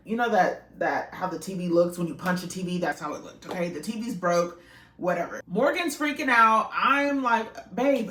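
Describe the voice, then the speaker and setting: A woman's voice: mid-range voice, a bit bright, echoey room, recorded from a distance. A young woman casually telling a rambling, emotional storytime, swearing freely and acting out what people said.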